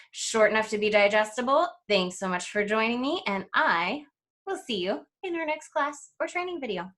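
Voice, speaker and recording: A woman language coach teaching a grammar lesson, explaining clearly and step by step, and slowing down to spell out example phrases. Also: medium pitch, fairly bright tone.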